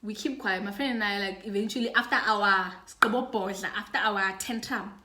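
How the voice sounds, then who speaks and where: A young woman with a South African accent telling a story in a casual, animated vlog. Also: mid-range voice, brisk. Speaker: YouTuber. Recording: echoey room.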